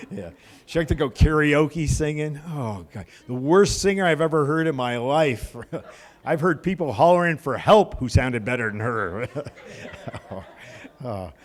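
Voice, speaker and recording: A middle-aged man doing a crude stand-up comedy set in a comedy club, with punchy punchlines and banter with the crowd. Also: on the high side.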